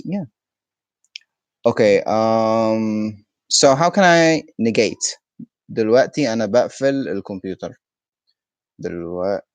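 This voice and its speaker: Lower-voiced man teaching patiently. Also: no room sound. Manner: explains patiently, answers chat questions, frequent "okay?" and hums. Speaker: Arabic teacher. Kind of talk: live-stream language lesson.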